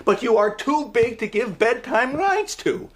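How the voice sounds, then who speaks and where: An actor playing an excitable, insecure middle-aged father in a sitcom, stammering and emotional, prone to loud outbursts. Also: extremely high pitch, unhurried, full character voice. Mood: exasperated. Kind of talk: sitcom acting.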